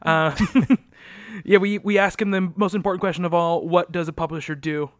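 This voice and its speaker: A man's voice: high-pitched, steady tone, normal speed, dry recording, clean studio sound. A man hosting a comics podcast in casual chat, upbeat and rambling, laughing often. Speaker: podcast host.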